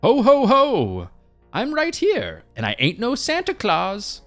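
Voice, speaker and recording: A man's voice: high voice, huge pitch swings, slow, a bit bright, faint music behind, voice pushed up, exaggerated voice. A man voicing an evil old male leprechaun who chants sing-song rhyming threats. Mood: gleeful.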